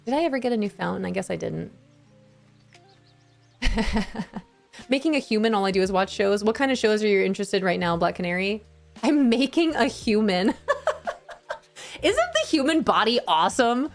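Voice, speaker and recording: A woman's voice: mid-range voice, big pitch swings, normal speed, creaky, pauses often. A woman streaming a cozy game, chatting with viewers in a bubbly, giggly way. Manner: giggly and bubbly, laughs often, chats with viewers. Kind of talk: casual live-stream chat. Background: faint game music.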